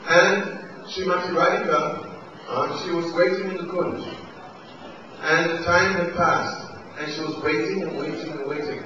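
A man giving a devotional sermon, telling a sacred story with quoted dialogue and drawn-out repetitions. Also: a little high, fairly even intonation. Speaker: spiritual teacher. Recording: distant voice in a reverberant hall, dull lo-fi, noisy.

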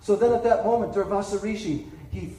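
A man's voice: high-pitched, brisk, dark tone. A man giving a sermon, telling a sacred story dramatically and checking in with listeners. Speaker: spiritual speaker. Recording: echoey room, distant mic, faint ambience.

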